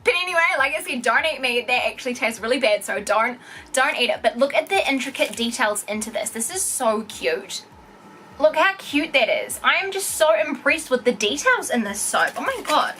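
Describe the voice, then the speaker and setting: A young woman, unboxing products in an excited, giggly vlog, exclaiming over each item. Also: high-pitched, moderate pace, a little hiss or hum. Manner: gushing, giggly, keeps exclaiming.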